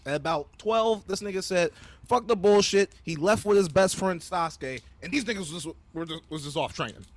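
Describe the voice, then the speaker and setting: A young man telling a story in casual, profane slang, animated and loose. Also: on the high side, fairly quick, few pauses, no echo. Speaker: podcast panelist.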